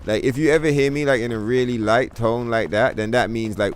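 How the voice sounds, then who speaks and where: A man's voice: fairly low pitch, a little fast, background noise. A man streaming a game, ranting in a casual, profane, exasperated way and mocking others in put-on voices. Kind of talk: casual gaming stream rant.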